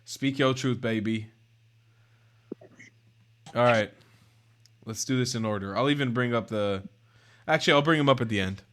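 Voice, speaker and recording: A man's voice: medium pitch, a bit bright, a little hiss or hum. A man hosting a live stream who talks bluntly and swears, often breaking into mock crying and laughter. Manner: fast, brash, blunt talk to callers. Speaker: livestream host. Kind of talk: casual live-stream debate chat.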